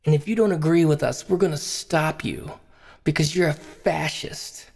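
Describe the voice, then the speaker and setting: A man's voice: on the high side, normal speed, vocal fry, a little mellow, slightly rough. A man voicing a self-righteous woman pundit in a comedy sketch, preachy and repeating one word, in an echoey hall. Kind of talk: comedy sketch role-play.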